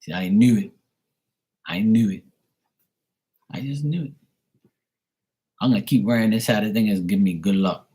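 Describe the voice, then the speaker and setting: A man hosting a casual livestream, joking crudely and streetwise, then doing psychic readings for viewers, often trailing into hushed asides. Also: lowish voice, normal speed, pauses often, husky. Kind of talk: casual live-stream chat.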